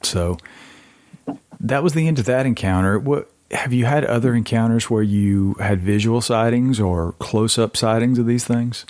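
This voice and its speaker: A man's voice: medium pitch, moderate pace, a little mellow, dry recording. A man hosting a podcast interview, thoughtful and slightly hesitant, repeating words as he goes. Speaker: podcast host. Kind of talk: interview chat.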